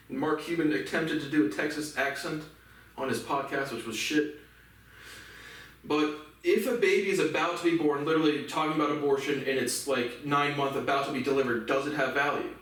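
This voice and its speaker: Man, solo vlogger, angry profane rant, slightly high voice, far from the mic in a boomy room. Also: a little fast, fairly bright tone, very echoey. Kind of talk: ranting monologue.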